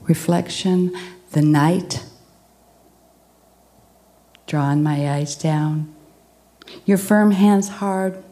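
Slow, low-voiced woman reading poetry. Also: fairly even intonation, warm tone. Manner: slow, deliberate recitation. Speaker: poet.

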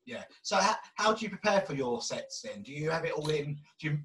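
A man's voice: a little high, lively intonation, a little fast, fairly bright tone, distant mic, slight background noise, low-quality recording. A podcast host asking questions in a casual, hesitant way and often repeating his words. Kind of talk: casual interview.

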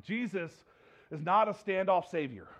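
A man preaching a sermon in a lively, repetitive way, stumbling over words and acting out the people he quotes. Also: high voice, normal speed. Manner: animated, repeats himself, acts out quotes. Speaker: pastor. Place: church hall with slides.

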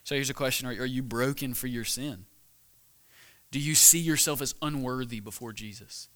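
Bright-voiced young man preaching casually. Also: mid-range voice, moderate pace. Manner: casual, conversational preaching with many restarts and rhetorical questions. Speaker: pastor. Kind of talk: sermon.

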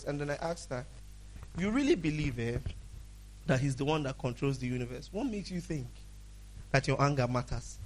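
A man's voice: a little high, animated, brisk. A man preaching a sermon as a pastor, talking in a conversational way, acting out dialogues and laughing often.

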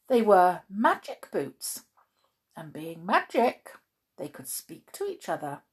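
A woman's voice: lowish voice, very animated, slow pace, slightly rough. A woman reading a children's storybook aloud with dramatic gasps, then chatting cheerfully to listeners.

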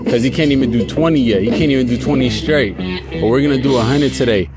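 Male podcast host, loose and profane monologue, rambling heated delivery, loud beat playing underneath. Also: mid-range voice, quick pace. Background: loud music beat.

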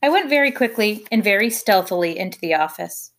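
A woman reading a children's novel aloud with lively, expressive narration. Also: mid-range voice, a little fast. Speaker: audiobook reader. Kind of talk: scripted narration.

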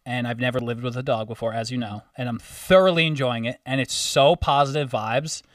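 A man's voice: mid-range voice, fairly even intonation, a little fast, dry recording, studio quality, far from the mic. A young man co-hosting a podcast, rambling and joking casually with lots of fillers. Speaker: podcast co-host. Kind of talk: casual chat.

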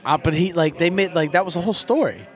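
A man's voice: on the high side, animated, fast talker. A young man hosting a casual comedic chat, joking crudely and laughing often.

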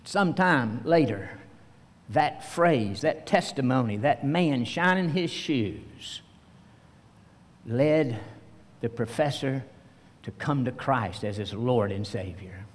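A man preaching a sermon as pastor, telling a story slowly and acting out the voices he quotes. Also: medium pitch, expressive. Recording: long reverb of a church hall.

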